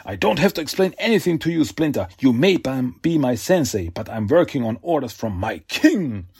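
Guy playing a bratty brainwashed young turtle, curt and a bit husky. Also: medium pitch, big pitch swings, moderate pace, darkish tone, full character voice. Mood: defiant. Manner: curt, dismissive. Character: young mind-controlled turtle, cold and defiant.

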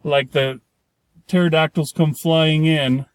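A man's voice: on the high side, steady tone, takes it slowly, clean tone. A man chatting casually about a film, rambling and restarting his sentences, often acting out the characters' lines. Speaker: podcast co-host. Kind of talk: casual movie review chat.

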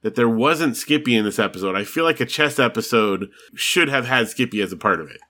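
A man's voice: medium pitch, animated, fairly quick, sharp tone. A man hosting a podcast in casual chat, talkative and laughing easily. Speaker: podcast host.

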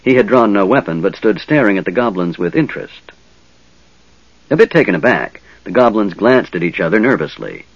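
A man narrating a fantasy audiobook in an expressive reading, recorded dull and dry. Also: on the low side, a little fast, husky, no room sound. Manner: lively, expressive reading with many voices.

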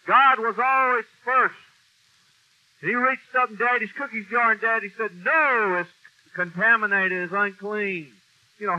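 A man's high, pushed, bright voice carries an informal sermon delivered bluntly and folksily, with mild cursing and heavy emphasis. He speaks into a mic in a meeting room, and the lo-fi recording comes across dull.

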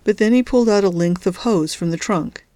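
A woman's voice: mid-range voice, fairly quick, mellow. A woman hosting a story podcast, reading narration and adding casual, wry comments.

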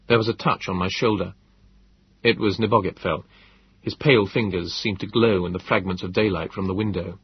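A man narrates a novel in a calm, measured, descriptive manner. His low voice is very husky and breathy. The recording sounds dull and muffled. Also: no echo. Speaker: audiobook narrator. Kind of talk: scripted narration.

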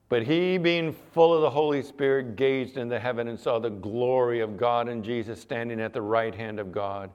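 A man's voice: medium pitch, normal speed, few pauses, clear, resonant tone. A man preaching a sermon as pastor, talking conversationally and putting questions to the congregation.

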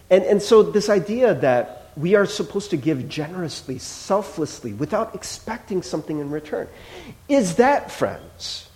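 A man's voice: on the high side, a little mellow. Guy pastor preaching, joking around n acting out bits, voice goes all over the place. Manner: playful, chatty preaching with acted-out dialogue. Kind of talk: sermon.

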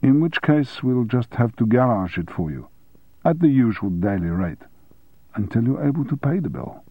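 A man reading an audiobook, voicing a calm German garage mechanic who speaks dryly and without hurry. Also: mid-range voice, slightly rough, no echo, phone-quality sound. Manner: dry, unhurried, unmoved. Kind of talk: audiobook character voice.

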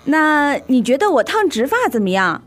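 A woman's voice: sits high, very animated, moderate pace, soft background music. A woman voicing a fussy young female salon customer in a scripted lesson dialogue, doubtful and haggling over the price.

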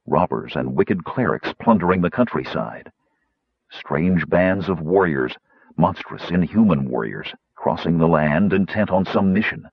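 Low, husky-voiced male narrator. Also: animated, no echo, lo-fi sound. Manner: measured storytelling, shifting into character voices. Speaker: audiobook narrator. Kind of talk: scripted fantasy narration.

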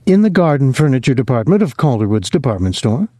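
A man's voice: mid-range voice, big pitch swings, fast, mellow, dry recording. A man doing a reserved, stubborn young man. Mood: guarded.

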